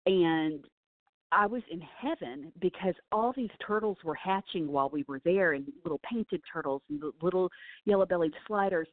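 A woman's voice: fairly low pitch, normal speed, no echo. A woman, an animal handler, telling stories eagerly and animatedly in a casual interview. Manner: enthusiastic, animated storyteller. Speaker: film set snake wrangler and wildlife handler. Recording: tinny dry phone-line audio.

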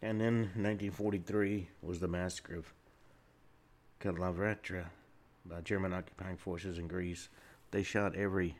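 A man hosting his own radio talk show, rambling through history notes with many pauses and fillers, speaking from a studio. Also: low-pitched, fairly even intonation. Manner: rambling, with frequent uh fillers and restarts. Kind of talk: solo radio talk monologue.

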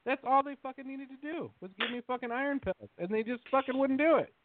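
Over a dry, tinny phone-like line, a man with an extremely high voice speaks quickly amid background noise. As a podcast co-host, he tells a story in casual chat, angry and full of profanity.

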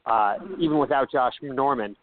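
A man co-hosting a sports radio talk show, mumbling and halting, repeating himself as he talks. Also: mid-range voice, slight background noise. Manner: halting, repeats words, hard to hear. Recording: dry, phone-like line.

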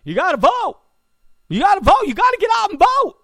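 A man putting on the voice of a stern middle-aged man who keeps shouting commands for quiet in a bossy, repetitive rant. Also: very high voice, big pitch swings, a little slow, no echo, studio quality, pitched above the performer's own voice, heavily acted.

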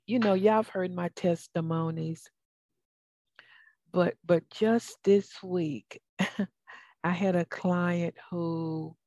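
Middle-aged Southern US woman, talk radio host, unhurried and folksy, mellow lowish voice, dry close sound. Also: dry recording. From Atlanta, US. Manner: folksy and encouraging, drawls some words out. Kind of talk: upbeat talk radio hosting.

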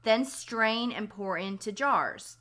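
A woman hosting a podcast with a scratchy, slightly hoarse voice, explaining remedies step by step in a practical, instructional way. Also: medium pitch, lively intonation, slow pace, a bit bright. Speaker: podcast host.

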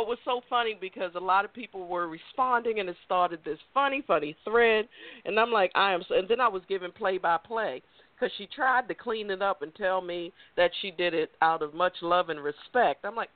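Lively woman host telling a funny story, laughing a lot, thin phone-line sound. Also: medium pitch, brisk, no room sound. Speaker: talk show host. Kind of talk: casual chat. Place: Maryland. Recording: tinny dry phone line.

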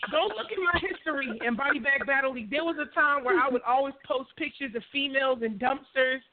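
A woman hosting a podcast, chatting casually with excitable, profane reactions. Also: high-pitched, fast. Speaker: podcast host. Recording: tinny phone line with crowd noise.

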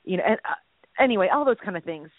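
A woman's voice: mid-range voice, expressive, quick pace, no echo. A woman co-hosting a faith podcast over a phone call, talking in a jokey, rambling way. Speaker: podcast co-host. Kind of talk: casual faith chat. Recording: tinny phone line, dry.

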